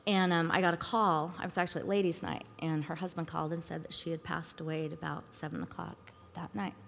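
A middle-aged woman giving a personal testimony at a church talk, earnest and halting, with frequent fillers. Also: sits low, steady tone, gravelly, fairly bright tone. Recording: long reverb in a hall.

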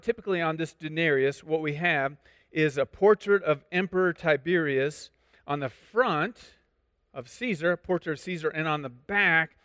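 A man with a somewhat high voice teaches a sermon in a conversational, explanatory way, throwing in asides and repeating himself as he restarts sentences. His voice carries a long reverb, as in a large hall, with little close room sound. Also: fairly bright tone. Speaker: pastor.

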